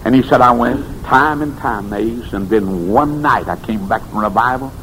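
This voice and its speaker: A man preaching a revival sermon, telling stories and swinging between shouted peaks and hushed low passages. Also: normal speed, a little hiss or hum, low-quality recording.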